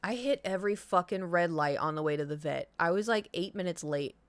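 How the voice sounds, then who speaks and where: A woman's voice: on the low side, a little fast, clear, resonant tone. A young woman streamer telling a long personal story in casual chat, rambling with many fillers and restarts.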